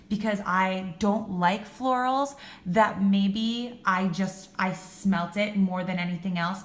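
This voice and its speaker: A woman's voice: medium pitch, reverberant. A woman vlogger chatting casually about home fragrance, swearing now and then and laughing at herself. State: voice cracking. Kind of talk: casual chat.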